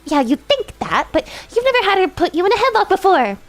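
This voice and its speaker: A broke young vampire girl in a constant frantic whine, her voice leaping high and all over the place, acted by a woman streamer. She wails and pleads with a bright, excitable energy. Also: brisk, soft background music. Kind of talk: voice acting a game's dialogue on stream.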